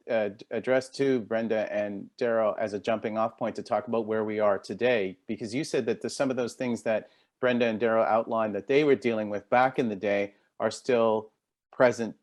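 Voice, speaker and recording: A man's voice: medium pitch, a little mellow. A man from England moderating a panel discussion, talking conversationally and drawing the panelists out with follow-up questions.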